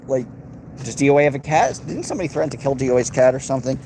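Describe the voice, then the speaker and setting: A man's voice: medium pitch, lively intonation, rapid-fire, darkish tone, a little hiss or hum. An American man hosting a livestream, reading and answering chat in a crude, sarcastic, rambling way. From United States.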